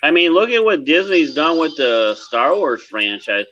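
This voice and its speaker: A man co-hosting a casual chat show, telling quick anecdotes with exclamations. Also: fairly high pitch, very animated, pushed and bright, highs cut off. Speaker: podcast co-host.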